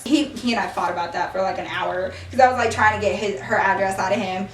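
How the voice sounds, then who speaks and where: This young woman vlogger speaks in a mid-range voice, brisk and with few pauses, as she tells a heated story emphatically, acting out the scene, shouting quoted lines and leaning on "like" and "okay?" fillers. The sound is reverberant, from a distant mic, with slight background noise.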